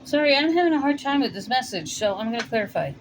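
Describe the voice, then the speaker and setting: A woman with a New York accent reads tarot cards in a loose, chatty way, her voice sitting a little high. She thinks out loud and pauses with fillers. A faint hum of noise runs underneath. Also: very animated. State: warm and winded after shoveling. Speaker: tarot reader. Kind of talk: casual tarot reading. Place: home in Colorado.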